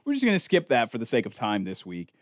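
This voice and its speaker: A man co-hosting a podcast, ranting in animated casual chat. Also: mid-range voice, fast talker, no room sound, clean studio sound. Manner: animated, ranting, mocks others in quoted voices. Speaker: podcast co-host.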